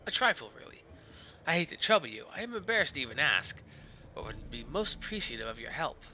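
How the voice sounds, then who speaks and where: A man voicing a sly, polite Turkish shopkeeper who talks in a formal, smooth, mock-courteous way. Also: medium pitch, big pitch swings, quick pace, pushed and bright, a little hiss or hum, heavily acted, rough recording.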